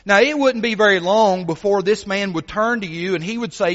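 Animated preacher in a reverberant church. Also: male voice, sits high, brisk, hardly any pauses. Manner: earnest, animated storytelling with many fillers. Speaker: visiting gospel preacher. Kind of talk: sermon. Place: church hall. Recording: dull sound, long church reverb.

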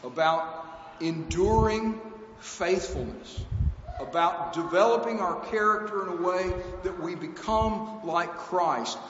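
Earnest preacher in an echoey hall. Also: male voice, high voice, slow, fairly bright tone. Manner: earnest, emphatic, conversational preaching with repetitions. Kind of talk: sermon. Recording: echoey hall, dull lo-fi sound, faint hiss.

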